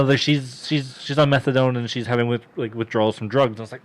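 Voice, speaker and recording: A man's voice: mid-range voice, very animated, rapid-fire, creaky. Man telling a crude story, laughing. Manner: profane, laughing, acts out voices in quotes. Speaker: podcast co-host telling a story. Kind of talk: casual storytelling chat.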